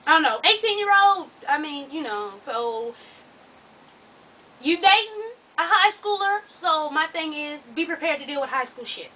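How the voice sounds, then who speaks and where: A woman's voice: high-pitched, animated, measured pace, pushed and bright, far from the mic, poor audio. Woman, advice vlog host, blunt and profane, faint background noise.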